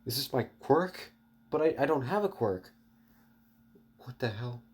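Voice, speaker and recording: A man's voice: mid-range voice, lively intonation, measured pace, husky, voice pushed up. A man voicing a scared teenage boy who swears and is confused about his own body. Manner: panicky, swearing.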